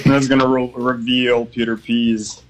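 A man's voice: mid-range voice, level tone, slow, poor audio. A man in an online quiz, stalling and unsure of his answer. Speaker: quiz contestant.

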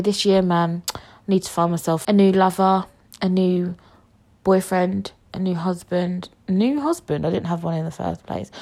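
A woman's voice: lowish voice, darkish tone. Brash, jokey woman ranting. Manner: brash, jokey and swearing, rambling rants. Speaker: podcast host. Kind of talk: casual story-time monologue.

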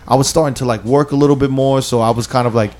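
A man's voice: mid-range voice, steady tone, fast, a little mellow. A young man telling a rambling, slang-filled story to friends and acting out the people in it. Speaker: podcast co-host telling a story. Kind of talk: casual storytelling among friends.

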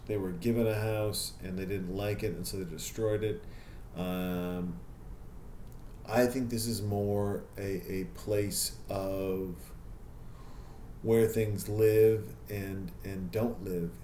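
A man's voice: lowish voice, dark tone, a little hiss or hum. Male podcast host, casual confessional monologue, curses freely, echoey room. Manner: candid, self-critical, swears freely. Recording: echoey room with faint ambience.

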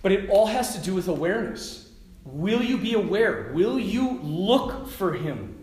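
Lively, high-voiced priest telling a story. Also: male voice, measured pace, roomy sound. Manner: animated storyteller who laughs often and acts out quotes. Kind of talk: storytelling talk at a retreat. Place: retreat talk in a room.

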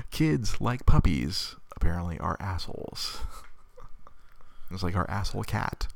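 A man in his thirties co-hosting a casual chat, telling an animated story and acting out the voices of others. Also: low voice, takes it slowly, vocal fry. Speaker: podcast co-host.

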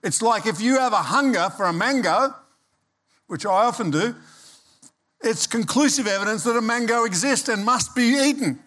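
A man's voice: very high voice, lively intonation, normal speed, fairly bright tone. A man in his sixties preaching a sermon as pastor, talking conversationally, checking in with the congregation and slipping in humorous asides.

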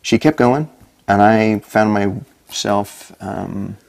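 A man's voice: fairly low pitch, slow, vocal fry, darkish tone. A middle-aged man, a podcast guest, earnestly telling his own story and acting out what he and others said. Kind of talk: personal story in a podcast interview.

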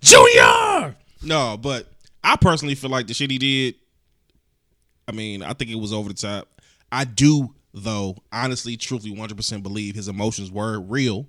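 Animated male storyteller, dry close mic. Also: fairly low pitch, fairly quick, no room sound. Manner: animated storyteller, laughs often, hedging restarts. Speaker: podcast co-host. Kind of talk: casual podcast chat.

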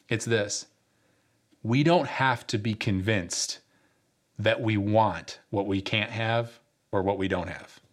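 A man from upstate New York giving a sermon as a pastor, telling a story in a conversational way with frequent fillers and repeating rhetorical questions. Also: medium pitch.

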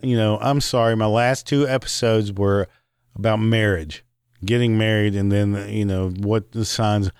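A man's voice: lowish voice, fairly even intonation, measured pace, darkish tone, clean tone, dry recording, studio quality. A man hosting a podcast, ranting angrily with constant swearing and rambling asides, breaking into short laughs. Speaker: podcast host. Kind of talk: profane rant.

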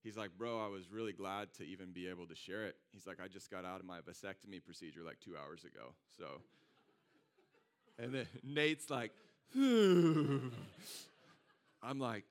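Low-voiced man preaching with lively stories. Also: a little fast. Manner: animated, conversational, acts out quoted friends. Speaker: pastor. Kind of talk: sermon with storytelling.

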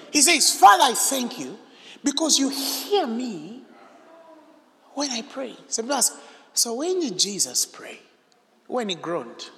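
A man preaches a charismatic sermon with a bright, ringing voice that leaps around in pitch. He keeps questioning his listeners and bursts into shouts and groans. The sound carries the long echo of a large hall. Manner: animated, emphatic, breaks into shouts and groans, asks the crowd questions. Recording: echoey hall.

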